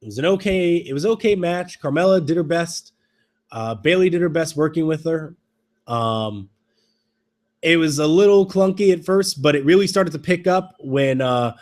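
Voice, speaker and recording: Male podcast host, slightly high voice, halting wry ramble. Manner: rambling, halting restarts, wry mocking asides. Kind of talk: casual wrestling recap.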